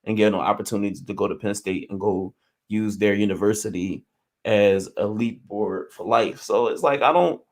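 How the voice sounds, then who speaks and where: A man hosting a podcast, arguing his side with hesitant restarts and loud bursts when he cuts in. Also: lowish voice, moderate pace. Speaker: podcast host. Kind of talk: heated casual debate.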